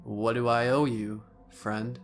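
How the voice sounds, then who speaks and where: A man voicing a huge gluttonous man who preaches endless hunger in a hushed, wheezing, fervent voice. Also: mid-range voice, flat delivery, slow, soft background music. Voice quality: wheezing, snarling.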